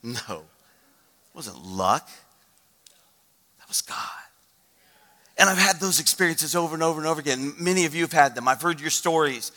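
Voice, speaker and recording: Bright-voiced pastor in a reverberant hall. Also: male voice, a little high, fast talker. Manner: animated storyteller who acts out quoted voices. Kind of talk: storytelling sermon.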